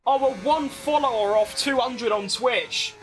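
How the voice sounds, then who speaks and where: A man's voice: very high voice, unhurried, slight background noise. A young British man chatting casually to himself and his viewers while playing a racing game, slangy and self-mocking. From Britain. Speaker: game streamer. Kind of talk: casual gameplay commentary.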